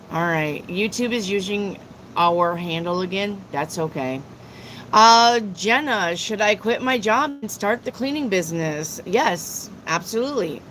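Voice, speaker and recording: Female live-stream tarot host, unhurried and talkative, reads out chat questions and answers them plainly. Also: medium pitch, background noise. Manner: chatty, slow and drawling, repeats herself.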